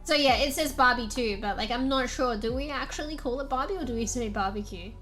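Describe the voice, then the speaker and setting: A young woman from Australia with a fairly high voice chats loosely on stream, hopping from point to point. Her Australian accent is plain, she swears freely and laughs between thoughts, with a little music playing faintly behind her. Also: brisk, fairly bright tone. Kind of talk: casual chat.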